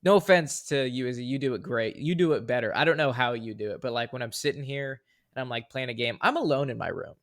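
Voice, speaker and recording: A young man co-hosting a podcast in casual chat, animated and prone to loud mock voices. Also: medium pitch, fast talker, no room sound, clean studio sound. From California. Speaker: podcast co-host.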